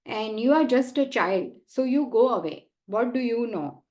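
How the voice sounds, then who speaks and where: A woman's voice: a little high, lively intonation, moderate pace, a little mellow, close to an everyday voice, poor audio. A woman voicing a haughty scholar brushing off a child. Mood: scornful. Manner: dismissive, scornful. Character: proud arrogant male champion scholar.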